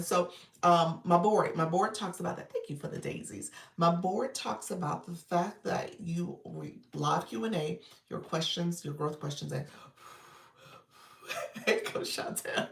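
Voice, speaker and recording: A woman's voice: fairly low pitch, vocal fry, echoey room, far from the mic. A woman coaching live hosts on a livestream, sounding congested from an illness. She greets viewers by name and laughs often. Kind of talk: casual livestream chat with viewers.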